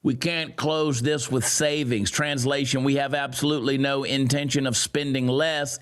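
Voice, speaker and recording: A man giving sarcastic, mocking political commentary, swinging from loud jeers down to low grumbles. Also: little pitch movement, normal speed, clean tone. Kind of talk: ranting commentary.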